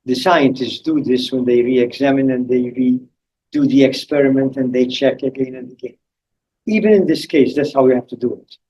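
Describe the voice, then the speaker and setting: An older man lectures to a public audience in a husky, slightly rough voice. He speaks at a middle pitch and at a measured pace, pausing often to make his points. Now and then he spells words out letter by letter. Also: darkish tone, low-quality recording. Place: lecture hall.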